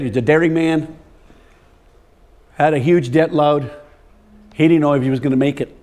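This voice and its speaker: A man's voice: fairly high pitch, darkish tone. An older man giving a workshop lecture to farmers, telling stories and firing questions at the audience. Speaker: workshop presenter on soil health. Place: workshop room with a live audience.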